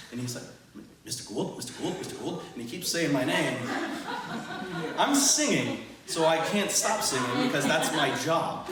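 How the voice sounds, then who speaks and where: A man's voice: medium pitch, background noise. Man telling a story in an echoey hall. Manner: animated, self-deprecating, laughs often. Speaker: teacher telling a story on stage. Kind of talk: live storytelling performance. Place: event venue with audience, large room. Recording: very echoey room, voice from far off.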